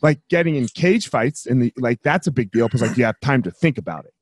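A man's voice: mid-range voice, expressive, a little fast, breathy edge, dry recording. A man hosting a podcast, laid-back and swearing freely, leaning on "right?" and "like". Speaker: podcast host. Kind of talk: casual chat.

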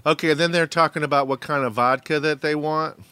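A man's voice: fairly high pitch, fairly even intonation, brisk, sharp tone, smooth, dry recording. A man co-hosting a podcast in casual chat, sarcastic and joking. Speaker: podcast co-host.

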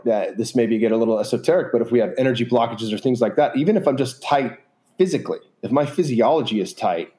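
A man's voice: fairly low pitch, mellow. A man talking in a casual, earnest way as a podcast guest, rambling with many fillers. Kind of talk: casual reflective conversation.

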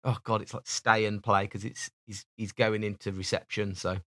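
A man's voice: lowish voice, flat delivery, normal speed, pushed and bright. A man co-hosting a podcast, chatting in a rambling, casual way from his home office. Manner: rambling, chatty, laughs often. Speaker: podcast co-host. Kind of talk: casual chat.

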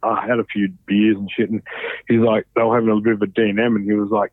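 A man's voice: on the low side, fairly even intonation, fast, no echo. Man, Australian accent, thirties, sweary rambling storyteller, dry close sound, narrow phone-like audio. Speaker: podcast guest. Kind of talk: casual chat.

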